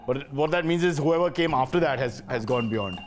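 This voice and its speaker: A man with an Indian English accent hosting a quiz show, playful and teasing with quick asides. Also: fairly high pitch, soft background music. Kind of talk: joking game show hosting.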